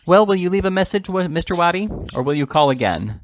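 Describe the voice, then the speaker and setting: A man reading aloud and voicing a brisk, sly young male law clerk who talks in a quick, offhand and pettish way. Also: high-pitched, big pitch swings, voice pushed up.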